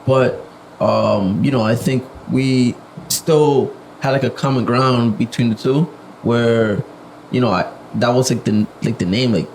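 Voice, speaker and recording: A reserved young man speaking softly as a podcast guest, in casual chat with lots of fillers. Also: medium pitch, a little slow, a little hiss or hum, rough recording. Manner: soft-spoken, reserved, many fillers. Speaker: podcast guest, music producer.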